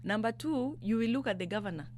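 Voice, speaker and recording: Fiery Kenyan woman with a high voice. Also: lively intonation, quick pace, a little hiss or hum. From Kenya, Mombasa. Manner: emphatic, many rhetorical questions, mixes English and Swahili; grows louder and more fired up. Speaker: political candidate guest. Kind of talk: impassioned political interview talk.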